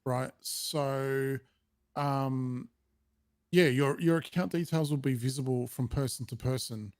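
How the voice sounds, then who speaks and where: A man's voice: medium pitch, no echo. Man, podcast host, casual chat, hesitant fillers, dry close mic. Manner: reads a statement aloud while trying not to laugh; halting, with many fillers and restarts.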